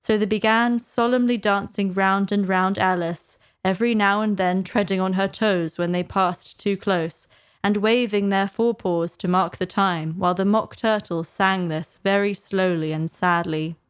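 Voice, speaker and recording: A woman narrating a storybook aloud in a measured, unhurried way. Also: mid-range voice, fairly even intonation, smooth. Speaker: audiobook narrator.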